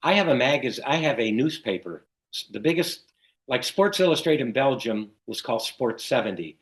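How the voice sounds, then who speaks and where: An older man from Chicago tells his stories as a guest in an interview. He talks casually and with animation, acting out the people he quotes. His pitch sits in a middling range. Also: normal speed, poor audio. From Chicago, USA. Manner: animated storyteller who acts out quoted dialogue. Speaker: guest, cycling race announcer.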